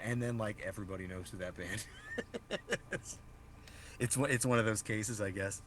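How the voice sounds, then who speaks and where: Young man, lowish voice, podcast co-host, rambling and hedging, faint background hiss. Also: normal speed, long pauses, a bit bright. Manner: rambling, hedging, self-interrupting. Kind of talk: casual chat.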